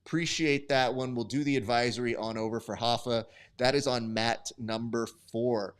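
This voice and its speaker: A man's voice: medium pitch, steady tone, moderate pace, clean tone. A young man hosting a live stream, giving sport commentary in casual, chatty, profane banter. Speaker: host.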